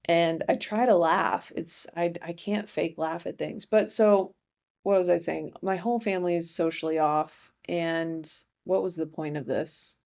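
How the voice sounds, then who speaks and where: Rambling young woman comedian, deadpan. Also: on the low side, measured pace, gravelly. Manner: rambling, self-interrupting, deadpan asides. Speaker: comedy podcast host. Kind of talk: casual comedic monologue.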